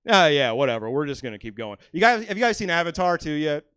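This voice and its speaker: A young man doing a stand-up set in a small comedy theater, brash and profane, swinging between loud rants and muttered asides. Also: a little high, very animated, fast talker, clear, resonant tone, no room sound. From California. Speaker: stand-up comic.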